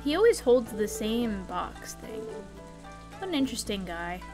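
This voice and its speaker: A woman streaming a video game live, commenting excitedly and talking straight to her chat. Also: fairly high pitch, a little slow, over music.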